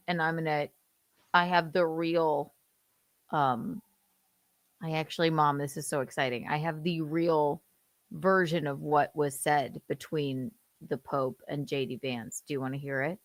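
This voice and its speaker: Teasing, low-voiced woman host. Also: normal speed, dry recording. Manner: teasing, playful, deadpan jokes. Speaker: podcast host. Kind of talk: comedic casual chat.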